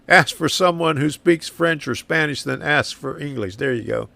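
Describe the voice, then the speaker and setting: Gravelly, hoarse man ranting on a live stream. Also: on the high side, moderate pace, bright, forceful tone. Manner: complaining, repeats himself. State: hoarse, clearing throat. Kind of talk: rambling live stream chat. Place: home garage workshop.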